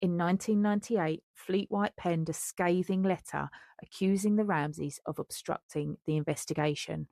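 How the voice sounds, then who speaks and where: A woman's voice: lowish voice, normal speed, creaky, hardly any pauses, a little mellow, no room sound. A woman podcast co-host who reads a true-crime script and breaks off into joking asides. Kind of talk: scripted true-crime narration mixed with casual chat.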